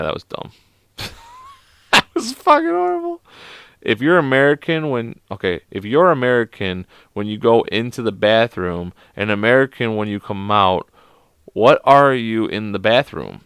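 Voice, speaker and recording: A man reads out a stack of groan-worthy jokes, cursing and mocking himself between them. His voice swings widely in pitch as he gets exasperated. The sound is close and dry, with no room echo. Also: a bit bright, clear, resonant tone. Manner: swears a lot, laughs at and mocks his own jokes; self-deprecating, exasperated. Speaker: video host. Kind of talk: reading jokes aloud to camera.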